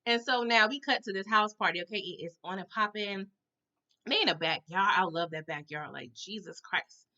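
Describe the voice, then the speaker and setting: A woman's voice: mid-range voice, normal speed, bright, forceful tone, muffled recording. A woman giving a casual, dramatic recap of a TV episode, often tagging her lines with "okay?" and "all right?".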